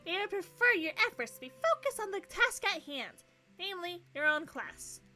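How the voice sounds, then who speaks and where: A woman's voice: very high-pitched, big pitch swings, normal speed, sharp tone, soft background music, voice pushed up, exaggerated voice. A woman reading the lines of a stern female student council president in a visual novel, in a formal, curt, scolding manner. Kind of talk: reading game dialogue aloud.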